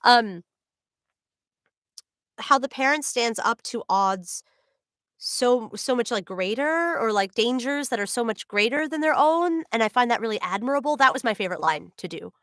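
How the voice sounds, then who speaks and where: A woman's voice: fairly high pitch, lively intonation, normal speed, a bit bright, dry recording, clean studio sound. A young adult woman, a voice actor, chatting casually on a livestream, answering fan questions with many ums and giggles.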